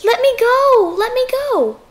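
A woman's voice: high-pitched, big pitch swings, unhurried, full character voice. A woman voicing a clever small male piglet who coaxes politely and slyly. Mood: panicked. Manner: coaxing, falsely meek suggestions.

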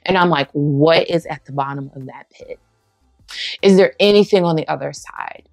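Lady preaching her testimony, low gravelly voice, super conversational, dry close mic w soft music under. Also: moderate pace, no room sound. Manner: heartfelt, conversational, acts out dialogue. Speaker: women's ministry speaker. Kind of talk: personal testimony sermon.

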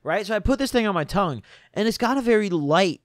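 A young man vlogger telling a story in an animated, profane, indignant way. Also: sits high, fast, dry recording, studio quality. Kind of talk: storytime vlog.

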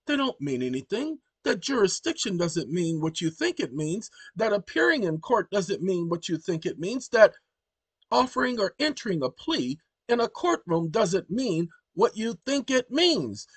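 A man hosting his own channel, talking to viewers in an animated, exclaiming, colloquial way. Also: high voice, breathy edge, no echo. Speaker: channel host. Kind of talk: casual commentary to viewers.

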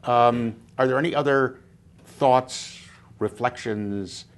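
A man interviewing a guest for an oral history, asking questions in a measured, hesitant way. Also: medium pitch, slight background noise.

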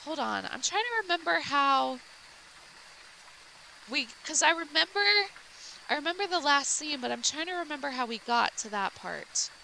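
A woman streamer recounts a game's plot in a loose, rambling way, full of likes and false starts. Her voice is bright and sits a little high, with a faint hiss in the background. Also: lively intonation, moderate pace, creaky, rough recording. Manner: rambling with many likes and restarts. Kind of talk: casual retelling of a game story.

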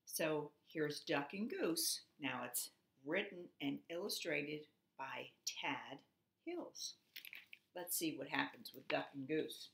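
A preschool teacher reads a picture book aloud to young children in a gentle, expressive way. Her voice sits a little low and she takes it very slowly. The room around her rings with noticeable echo. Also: vocal fry, a little hiss or hum. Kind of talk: storybook read-aloud for children. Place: at home. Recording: roomy home echo.

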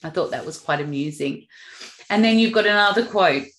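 A woman's voice: on the low side, animated, a little fast, fairly bright tone, echoey room. A woman hosting a self-help podcast, talking in a casual, chatty way and laughing now and then. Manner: chatty, laughs at her own stories. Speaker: podcast host.

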